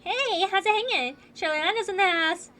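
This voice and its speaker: A woman's voice: extremely high pitch, bright, forceful tone, a little hiss or hum, voice pushed up. Woman doing a brash, teasing mercenary woman. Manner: playful taunting, drawn-out words. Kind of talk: voicing game dialogue.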